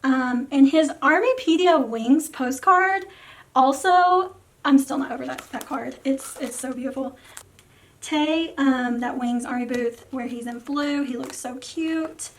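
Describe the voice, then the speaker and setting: A young woman with a high voice talks casually to her viewers, her throat sore and worn. She rambles through her thoughts with plenty of fillers and lets her sentences fade off softly. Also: a little slow, slight background noise. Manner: rambling, many fillers and soft trailing words. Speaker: photocard collecting vlogger. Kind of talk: casual rambling vlog talk.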